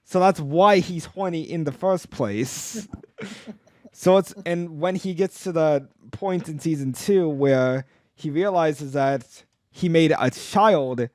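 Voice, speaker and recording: A young man with a slightly raised pitch chats eagerly on a podcast, piling up restarts and fillers as he rambles. His voice sits close and dry, with no room sound around it. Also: a little mellow, dry recording. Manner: rambling, enthusiastic, many restarts and "like". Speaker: podcast co-host. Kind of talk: casual podcast chat.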